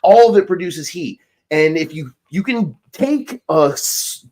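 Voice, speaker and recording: A man in casual conversation, confidently and emphatically explaining an argument, with frequent swearing. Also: a little high. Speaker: podcast guest.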